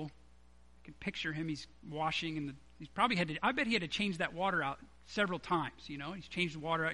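A man delivers a sermon in a high, bright voice. He speaks earnestly and conversationally, as if talking with his congregation, and leans hard on key words. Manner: earnest, conversational preaching with emphatic stresses. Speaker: preacher.

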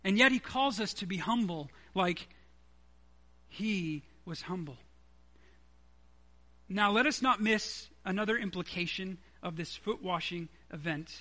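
Bright, high-voiced male preacher. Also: expressive, a little slow, long pauses. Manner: earnest, conversational preaching with emphatic stresses. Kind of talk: sermon.

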